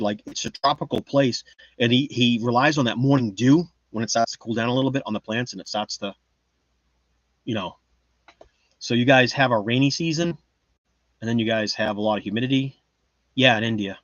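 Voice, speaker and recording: A man's voice: mid-range voice, a bit bright, no room sound, lo-fi sound. A man chatting casually on a livestream, reading the chat and rambling in a boastful, joking way. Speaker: livestream host.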